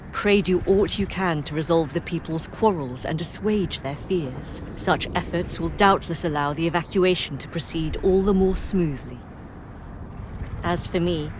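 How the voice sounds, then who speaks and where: An actress voicing a grave, stately noble leader in a fantasy video game, speaking in measured, formal, old-fashioned phrasing. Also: female voice, fairly low pitch, a little hiss or hum, close to an everyday voice. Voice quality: measured, formal archaic diction.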